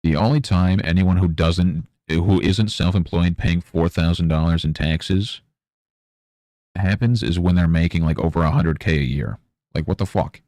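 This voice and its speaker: A man's voice: moderate pace, mellow, no room sound. A young man streaming while painting, talking in a rambling, sarcastic way into a close mic. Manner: rambling, sarcastic, mocks imagined interviewers in high voices. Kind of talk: casual chat while painting.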